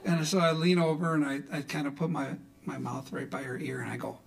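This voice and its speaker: Between songs, this middle-aged Milwaukee folk singer spins a meandering, homespun yarn, full of "you know." He speaks fairly quickly in a slightly high voice with some vocal fry.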